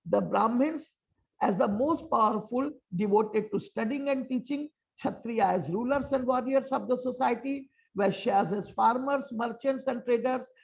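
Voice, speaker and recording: A woman delivers a measured, lecturing prepared talk. Her voice is gravelly, with a fry at the ends of phrases. The audio is dull and lo-fi, as over a video call. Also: a little high, darkish tone. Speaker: panel speaker.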